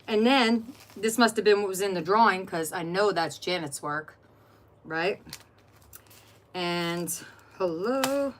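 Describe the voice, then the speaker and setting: A woman's voice: medium pitch, takes it slowly, pauses often, a little hiss or hum. A middle-aged woman hosting an art journaling channel, chatting casually while flipping through her journal and greeting viewers by name.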